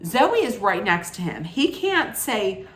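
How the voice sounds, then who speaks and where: A woman's voice: mid-range voice, sing-song, slow, reverberant. A woman hosting a reality TV recap, giving blunt, judgmental commentary in an opinionated rant.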